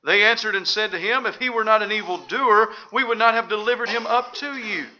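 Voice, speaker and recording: A man's voice: high voice, a little fast, sharp tone. A man preaching a sermon, reading scripture aloud emphatically and breaking in with rhetorical questions. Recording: dull lo-fi recording.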